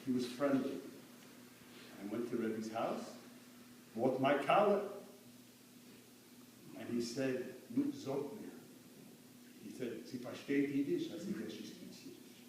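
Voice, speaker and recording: A man's voice: medium pitch, lively intonation, slow, long pauses, a little mellow. A man giving an earnest funeral eulogy, mixing in Yiddish and Hebrew phrases and rising to fervent emphasis. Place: funeral hall. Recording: echoey hall from far off, faint hum.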